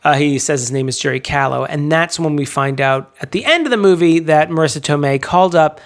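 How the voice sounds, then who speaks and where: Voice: medium pitch, fairly quick. A podcast co-host in a casual movie discussion, talking in a chatty, digressive way.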